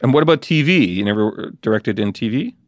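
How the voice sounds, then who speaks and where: A man's voice: mid-range voice, expressive, fast, no room sound, studio quality. A man hosting a casual interview podcast, asking friendly, admiring questions. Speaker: podcast host.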